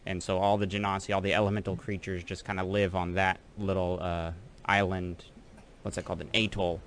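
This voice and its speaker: A man's voice: sits low, flat delivery, a little fast, fairly bright tone, a little hiss or hum. Easygoing male game master. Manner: easygoing, laughs readily. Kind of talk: casual chat running a session.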